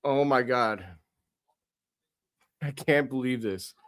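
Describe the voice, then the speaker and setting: A young man hosting a sports podcast, reacting live with euphoric, profane excitement and lots of repetition. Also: medium pitch, slow. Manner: euphoric, swearing, repeating himself.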